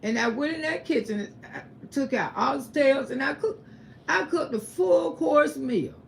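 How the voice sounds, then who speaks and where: A woman's voice: high voice, unhurried, creaky, slight background noise. A woman giving an emphatic, repetitive religious testimony on a livestream. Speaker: livestream host.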